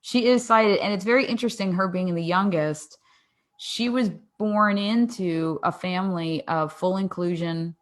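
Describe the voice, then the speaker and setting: A woman in her forties, a podcast guest, telling a family story in a lively way, acting out dialogue and often laughing. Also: medium pitch, normal speed. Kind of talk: casual interview storytelling.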